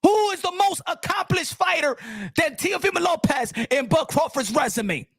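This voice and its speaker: A man hosting a boxing channel's live stream, ranting in a loud, heated voice and repeating lines for emphasis in profane street slang. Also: extremely high pitch, animated, normal speed, no room sound, studio quality.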